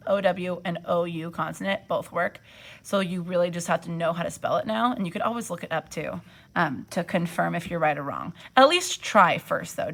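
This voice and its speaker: A woman's voice: fairly low pitch, gravelly, a bit bright. A young woman teacher giving a phonics lesson from home, thinking aloud and sounding out words to encourage her students. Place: home, during quarantine.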